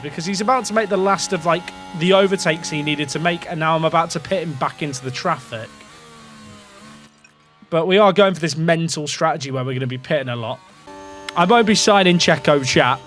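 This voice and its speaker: A man's voice: a little high, lively intonation, fairly quick, fairly bright tone, soft background music. A young English man casually commentating a racing management game, rambling and questioning himself as he talks to his chat. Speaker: gaming streamer.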